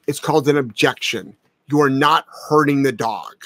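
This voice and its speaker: A man's voice: mid-range voice, moderate pace, fairly bright tone, dry recording. A middle-aged man, a dog trainer hosting a casual live-stream advice chat, talking bluntly and emphatically and ranting with profanity. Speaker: dog trainer and show host.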